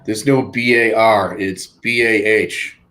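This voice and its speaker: Low-voiced man with a Boston accent. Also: fairly even intonation, slow, fairly bright tone. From Boston, United States. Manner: easygoing, laughs often, hesitant fillers. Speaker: guest. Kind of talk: casual livestream chat.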